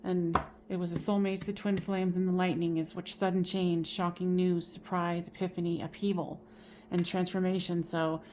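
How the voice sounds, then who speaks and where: A woman giving a general tarot reading in a casual, expressive way, swearing now and then and laughing at herself. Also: on the low side, a little hiss or hum. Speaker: tarot reader.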